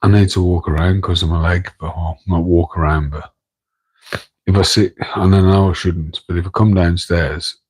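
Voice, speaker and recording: A man's voice: sits low, fairly even intonation, normal speed, slightly rough, poor audio. A man with an English Midlands accent, hosting a casual late-night live stream from home, rambling and joking with viewers in chat while keeping his voice down. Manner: rambling, self-deprecating, chatting to viewers in chat; keeping his voice down so as not to wake his partner. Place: home, room next to an aquarium tank. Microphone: microphone on a tripod.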